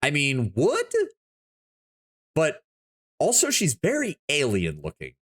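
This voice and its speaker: A male streamer talking off the cuff, his voice swinging widely up and down as he rambles. He thinks out loud, trips over his own words and starts again, in a loose, casual live-stream chat. A man who swears freely and talks without a script. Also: on the high side, measured pace. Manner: rambling, animated, thinks aloud with frequent restarts.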